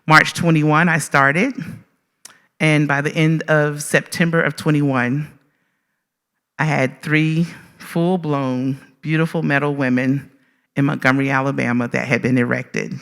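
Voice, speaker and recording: A woman artist tells a story to a live audience with bright, forceful energy. She talks in a humorous, animated way and speaks straight to the crowd. Her voice carries a long reverb from the large room she is speaking in. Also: low-pitched, measured pace. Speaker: artist giving a public talk. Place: event space with audience.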